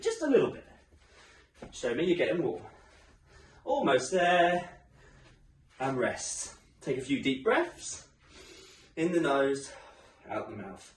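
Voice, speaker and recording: A man's voice: a little high, a little hiss or hum. A man leading a home workout class, upbeat and encouraging, a little out of breath as he goes. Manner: upbeat, encouraging, chatty coaching. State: slightly out of breath. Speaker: fitness instructor. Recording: echoey room, mic some distance away.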